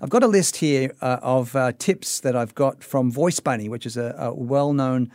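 A man's voice: medium pitch, normal speed, darkish tone, no echo. Chatty Australian male radio host. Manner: upbeat, chatty, laughs often. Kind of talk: radio talk show interview.

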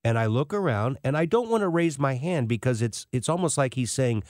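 A man's voice: medium pitch, animated, brisk, darkish tone, dry recording, studio quality. A man in his sixties telling self-deprecating anecdotes in a casual monologue as a financial commentator. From United States.

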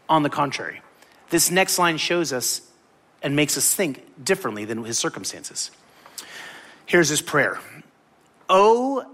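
A man preaching a sermon, animated and jokey, acting out quotes as he tells a story. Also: fairly high pitch, moderate pace. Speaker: pastor.

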